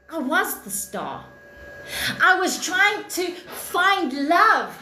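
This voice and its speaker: Brief: woman livestream host with a very high voice, blunt and profane and preachy, recorded in a roomy, echoey space. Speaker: live stream host, spiritual reader. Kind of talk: impassioned livestream monologue. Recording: echoey room with faint noise.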